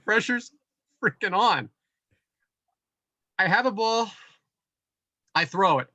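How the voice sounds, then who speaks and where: A middle-aged man co-hosting a podcast, telling a casual story with animated build-ups and voiced quotes. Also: high voice, slow pace, no echo, highs cut off. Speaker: podcast co-host.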